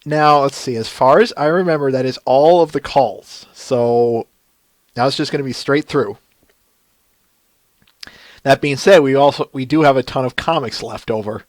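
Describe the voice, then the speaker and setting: A man's voice: medium pitch, normal speed, dry recording. Chatty male podcast host. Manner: chatty, laughs often. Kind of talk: casual chat.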